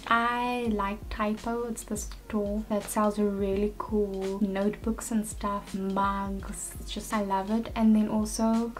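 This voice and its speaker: A young woman vlogging casually while getting ready at home, chatty, and her voice turns animated now and then. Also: mid-range voice, takes it slowly, hardly any pauses. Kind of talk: casual get-ready-with-me chat.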